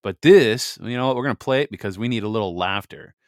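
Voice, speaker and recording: An American man co-hosting a faith podcast, chatting casually and laughing at himself, then reading scripture aloud in a steady, measured way. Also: fairly low pitch, no room sound, studio quality. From United States. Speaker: podcast co-host.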